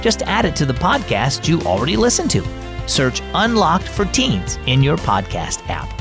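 A man's voice: fairly high pitch, huge pitch swings, moderate pace, creaky, music in the background. A man hosting a children's devotional program, reading scripted narration and asking the listener friendly questions.

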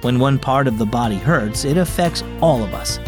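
A man's voice: medium pitch, normal speed, music in the background. A man hosting and narrating a children's devotional program with scripted storytelling in an upbeat, emphatic way. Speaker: host.

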